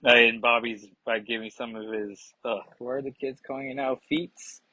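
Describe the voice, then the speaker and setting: A man's voice: medium pitch, fairly even intonation, moderate pace, sharp tone, dry recording. A man reviewing comics in casual chat, rambling and digressive with many fillers.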